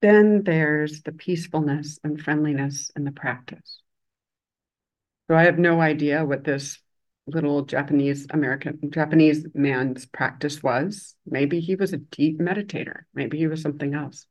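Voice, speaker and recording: A hospital chaplain giving a dharma talk, telling a story in a reflective, measured way with gentle emphasis. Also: medium pitch, poor audio. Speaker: hospital chaplain and Buddhist teacher.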